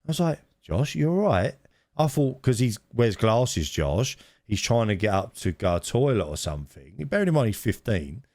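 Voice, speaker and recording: A middle-aged man co-hosting a podcast, telling an anecdote in a casual, animated way with frequent laughs and restarts. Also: lowish voice, fairly quick, hardly any pauses, no room sound, studio quality. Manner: animated storyteller, laughs often, many restarts. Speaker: podcast co-host. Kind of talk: casual storytelling chat.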